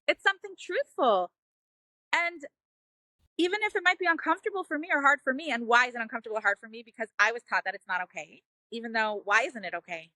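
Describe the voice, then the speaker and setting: A woman's voice: on the high side, fast talker, sharp tone, dry recording. A woman telling a heartfelt personal story as a mother on a parenting show, earnest and emotional, often saying "like" and "you know.".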